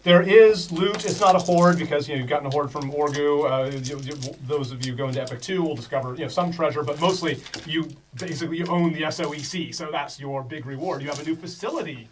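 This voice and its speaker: A man acting as game master who wraps up a session in a relaxed, rambling way with many fillers. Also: a little high, quick pace, few pauses, distant mic, a little hiss or hum, low-quality recording. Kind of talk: running a tabletop game.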